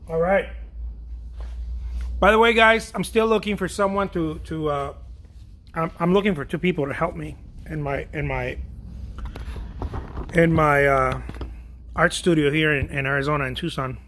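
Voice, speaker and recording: Boastful, playful male painter talking to his viewers; fairly high voice, faint ambient noise in the background. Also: steady tone, moderate pace, pauses often, a bit bright. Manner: playful, boastful, hums and sings while working. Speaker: artist painting on a livestream. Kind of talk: casual chat while painting. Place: art studio.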